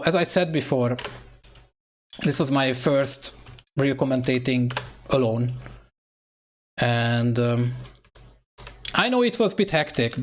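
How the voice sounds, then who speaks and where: A man commentating an online sim racing event, excitable and hesitant, with phrasing and lots of fillers. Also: mid-range voice. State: out of breath. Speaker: race commentator.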